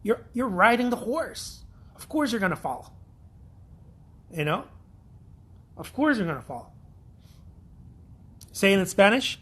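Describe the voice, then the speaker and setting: Man, artist vlogger, higher-pitched husky voice, blunt and profane, keeps repeating himself. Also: sing-song, unhurried, long pauses, sharp tone. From Mexico. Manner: blunt, profane, repetitive pep talk. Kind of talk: casual motivational talk.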